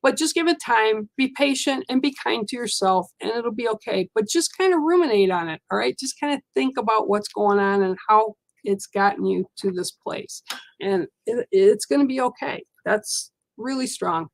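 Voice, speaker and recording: Female card reader with a fry-edged voice, soothing and meandering, dry close sound. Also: fairly high pitch, lively intonation, normal speed, no room sound. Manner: gentle, reassuring, rambling. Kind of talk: live oracle card reading.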